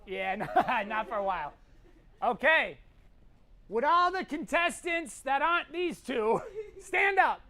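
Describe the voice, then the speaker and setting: Woman host, high and bouncy, teasing and bossy on a live stream. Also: big pitch swings, pushed and bright. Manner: teasing, bossy, quick quips. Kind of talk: hosting a live competition stream.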